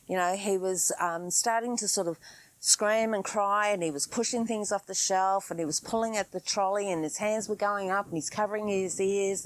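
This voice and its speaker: A woman's voice: medium pitch, dry recording. A middle-aged woman hosting a podcast, telling a personal story in an earnest, conversational way with frequent fillers. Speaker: podcast host. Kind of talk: storytelling monologue.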